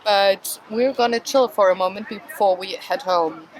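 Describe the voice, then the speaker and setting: A woman's voice: mid-range voice, moderate pace, a little hiss or hum, low-quality recording. A woman vlogging in a casual, chatty way at an outdoor flea market, talking to the camera she holds and laughing easily. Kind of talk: casual chat.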